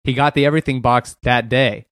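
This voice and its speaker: Male comedian guest, relaxed and rambling, mid-pitch, dry close sound. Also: brisk, no room sound. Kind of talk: casual podcast chat.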